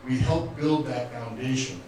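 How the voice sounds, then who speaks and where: A man's voice: mid-range voice, a little slow, a little mellow. A man in his fifties giving an emotional, earnest motivational talk to a live audience, speaking directly to the crowd. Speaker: speaker at a business event. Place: event room with audience. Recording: very echoey room, voice from far off, faint ambience.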